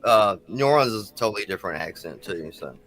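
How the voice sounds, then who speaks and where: A man's voice: lowish voice, animated, fast, a bit bright, soft background music. A man on as a guest in a casual chat, who tells rambling, easygoing stories and likes doing accents.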